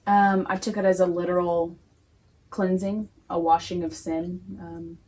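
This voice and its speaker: A woman co-leading a casual Sunday school discussion, playful and quick to laugh. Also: lowish voice, flat delivery, darkish tone.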